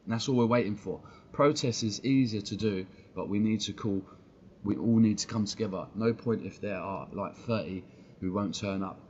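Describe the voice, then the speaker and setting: A blunt man ranting on a live stream, swearing and using street slang. His voice sits fairly low. The sound is muffled and lo-fi, with a faint hiss underneath. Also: moderate pace, a little mellow. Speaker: football fan streamer.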